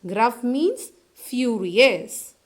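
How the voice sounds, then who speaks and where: A woman teacher walks her class through a story. She speaks slowly, in a fairly high voice, and repeats key words. She asks questions and answers them herself. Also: expressive. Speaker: English teacher. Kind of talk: classroom lesson explaining a story.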